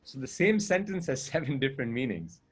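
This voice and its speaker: A man's voice: medium pitch, sing-song, brisk, husky. A man speaking as a communication coach in a conversation, earnest and explaining with examples and rhetorical questions.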